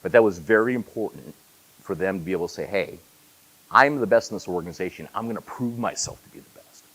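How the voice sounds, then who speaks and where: A man's voice: low-pitched, fast, a bit bright, rough recording. A man in his forties giving a conference keynote, telling stories with self-deprecating asides. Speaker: keynote speaker. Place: conference hall.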